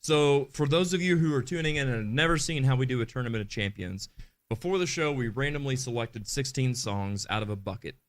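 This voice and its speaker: A man's voice: medium pitch, brisk. A man co-hosting a live podcast, chatting casually and reading viewer comments aloud in an upbeat way. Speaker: podcast co-host.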